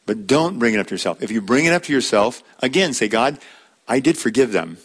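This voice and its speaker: A man preaches a sermon at a middle pitch, talking plainly and conversationally, as if teaching. He slows down to press home key points and quotes scripture along the way. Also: a bit bright.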